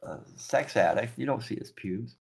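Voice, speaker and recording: A man chatting as a player in a tabletop game, describing his character's actions with animated storytelling and laughing often. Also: mid-range voice, normal speed, creaky, slightly rough. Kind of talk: casual tabletop game chat.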